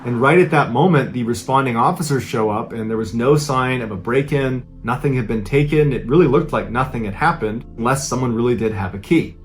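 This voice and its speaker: A man's voice: mid-range voice, fairly quick, hardly any pauses, soft background music. A man hosting a podcast, telling a true-crime story in a casual, conversational way. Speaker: podcast host.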